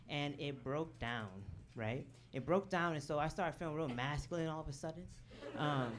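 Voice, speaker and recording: A comedian from Chicago's south suburbs, telling stories on a comedy club stage in a loose, casual way, with lots of "um" and "right?". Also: female voice, on the low side. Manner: casual storytelling, peppered with "um" and "right?". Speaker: stand-up comedian. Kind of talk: stand-up comedy set. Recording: noisy live club recording.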